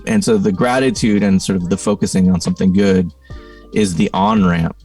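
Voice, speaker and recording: A man's voice: sits low, fairly even intonation, normal speed, a little mellow, breathy edge, distant mic, faint music behind. A middle-aged man, a podcast guest, telling a reflective story in a thoughtful, conversational way, full of "you know" and "like.".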